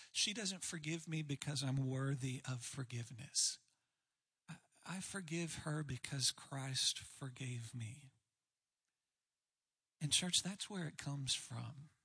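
A man's voice: on the high side, bright, forceful tone, slightly rough. A man preaching a sermon on marriage, candid and self-deprecating in a conversational way. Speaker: pastor speaking on marriage.

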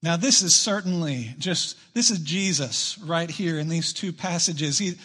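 A man preaching a sermon to his church, emphatic, rushing through asides and slowing down to stress key lines. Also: on the high side, sharp tone, slightly rough. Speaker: pastor. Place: church sanctuary.

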